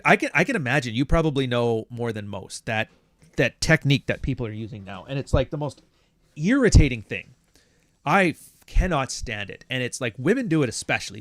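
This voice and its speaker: In casual livestream talk, a man reads out super chats and answers them bluntly, profanely and in a rambling way, acting out other people's voices as he goes. His voice is medium in pitch, and the recording is dry and studio quality.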